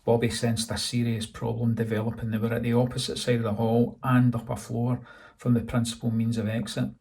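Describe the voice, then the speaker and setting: A Scottish man, the author, narrating his own novel in a steady, dry reading. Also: mid-range voice, fairly quick, vocal fry. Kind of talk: audiobook narration.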